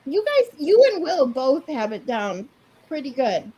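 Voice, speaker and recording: A woman's voice: high voice, big pitch swings, a little slow, warm tone, dull audio. A woman hosting a casual online chat who laughs often and swears freely. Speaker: stream host.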